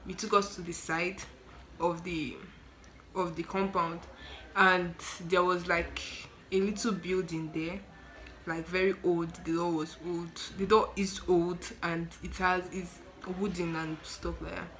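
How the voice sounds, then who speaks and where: Animated Nigerian young woman storyteller. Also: lowish voice, unhurried, a little hiss or hum, rough recording. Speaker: student nurse vlogger. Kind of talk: storytime vlog.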